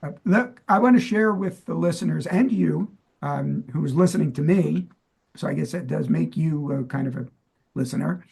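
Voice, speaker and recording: A man's voice: fairly high pitch, moderate pace, gravelly, a little mellow, slightly rough. A middle-aged man from New Jersey co-hosting a podcast, chatting loosely and quizzing his partner with plenty of fillers. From New Jersey, USA. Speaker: podcast co-host. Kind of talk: casual chat, trivia quiz.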